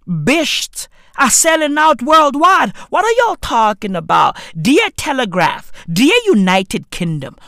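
Man ranting and swearing, squeaky disbelief. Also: bright, forceful tone, dry recording, clean studio sound. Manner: incredulous, swearing, jumps to squeaky high pitch in disbelief. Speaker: comedian. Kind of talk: profane comic rant.

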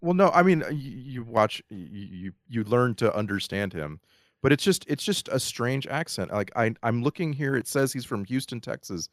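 A man's voice: medium pitch, animated, normal speed, dry recording, clean studio sound. A man in a casual movie podcast chat, earnest and stumbling over restarts. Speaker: podcast co-host.

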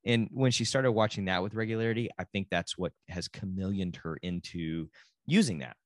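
A man's voice: deep voice, moderate pace, no room sound. A middle-aged man from Texas with a Texan accent, talking casually and rambling with self-interruptions on his own podcast. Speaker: podcast host and dad. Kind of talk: casual solo podcast talk.

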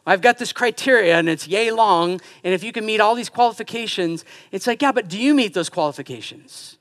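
A man preaching in a high, bright voice, animated and playful, slipping into quick impressions of other people. He delivers a casual, joking sermon to a church congregation. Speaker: pastor. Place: church sanctuary.

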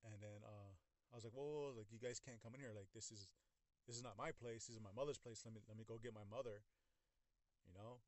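Young man telling a story, halting. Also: fairly low pitch, steady tone, no echo. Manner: halting, repeats words, acts out quoted speech. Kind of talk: casual storytime retelling.

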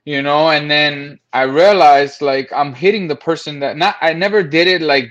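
Candid man, slightly high voice. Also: normal speed, a bit bright, muffled recording. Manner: frank, profane, acts out quoted voices. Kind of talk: candid personal storytelling.

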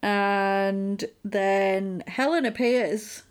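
A woman, co-hosting a podcast and recapping a film in a casual chat, animated and acting out quotes. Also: medium pitch, very slow, clean tone. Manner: animated storyteller, acts out quotes.

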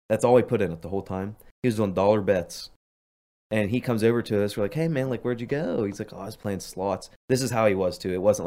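A man's voice: lowish voice, warm tone. A young man telling rambling stories in casual chat with friends, full of fillers and laughs. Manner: rambling storyteller, lots of "like", laughs often.

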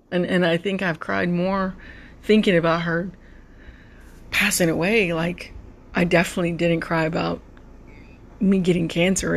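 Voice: mid-range voice, gravelly, a bit bright, a little hiss or hum. A podcast host talking heartfelt and personal in a solo monologue, often repeating and restarting words. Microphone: podcast mic.

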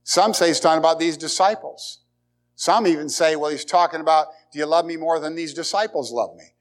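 Man preaching a sermon with a higher voice. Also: fairly quick. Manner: emphatic preaching with rhetorical questions and repetition. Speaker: pastor.

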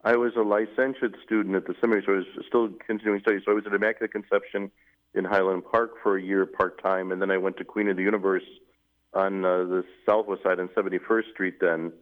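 Man with a low voice on tinny audio. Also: level tone. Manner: measured, recounting at length with fillers. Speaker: guest, newly appointed Catholic bishop. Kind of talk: interview storytelling. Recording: tinny phone-like radio audio.

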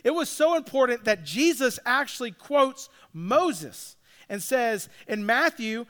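A man's voice: very high-pitched, very animated, a little slow, a bit bright. A middle-aged man, a pastor, giving a conversational sermon full of asides and restarts.

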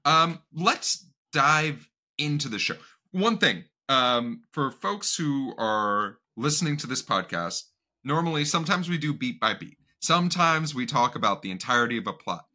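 Animated podcast host with a bright voice. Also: male voice, mid-range voice. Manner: animated, quick, many fillers. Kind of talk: casual podcast discussion.

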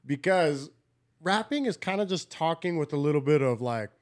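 A man's voice: a little high, lively intonation, normal speed. A man co-hosting a podcast in casual chat, easygoing, throwing questions to the group. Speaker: podcast co-host.

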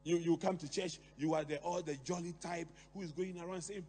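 A middle-aged man preaching a sermon, talking to the congregation with lively rhetorical questions and asides. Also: a little high, fairly quick, few pauses. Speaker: pastor. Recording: long hall reverb, faint hum.

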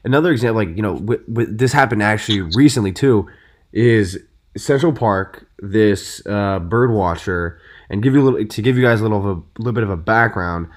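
Man, laid-back podcast storyteller, lowish voice, animated, filler-heavy. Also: fairly quick. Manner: animated storyteller, many fillers like "you know" and "dude". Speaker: podcast co-host. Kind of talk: casual podcast discussion.

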